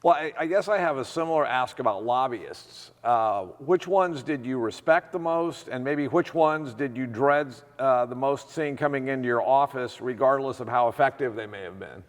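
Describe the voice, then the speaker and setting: A man interviewing a former official for an oral history project, asking measured questions with hesitant restarts. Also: medium pitch. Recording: hall reverb.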